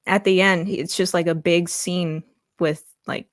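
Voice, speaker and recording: A woman's voice: fairly low pitch, steady tone, unhurried, dry recording, clean studio sound. A woman guest on a casual livestream chat, talking enthusiastically and giving blunt opinions.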